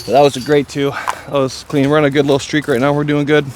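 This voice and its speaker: A man vlogging his disc golf round outdoors, chatting casually and getting excited and self-deprecating over his throws. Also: fairly high pitch, fast, noisy background. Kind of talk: casual play-by-play commentary.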